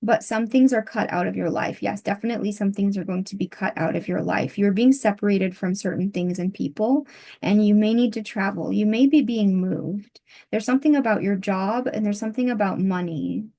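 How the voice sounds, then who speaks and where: Softly halting woman channeling a reading. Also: mid-range voice, gravelly. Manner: soft, halting, with many pauses and fillers. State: losing her voice. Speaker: tarot reader.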